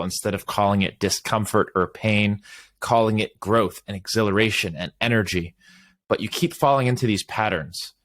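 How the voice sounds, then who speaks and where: Low-voiced male host, dry sound. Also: a bit bright, no room sound. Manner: halting, restarts questions. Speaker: interview host. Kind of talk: conversational interview.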